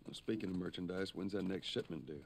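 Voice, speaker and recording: A gruff, weary middle-aged smuggler in a video game, with a very deep voice and dry, clipped lines. Steady game-world noise runs under him. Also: male voice, fast. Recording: game audio with background noise.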